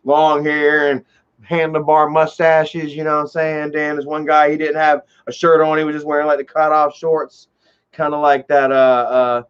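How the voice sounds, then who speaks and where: A man telling a long, rambling story on a livestream, swearing freely and filling every pause with "you know" while greeting viewers in chat. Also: a little high, smooth. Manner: profane, heavy on fillers like "you know". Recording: dull lo-fi livestream audio.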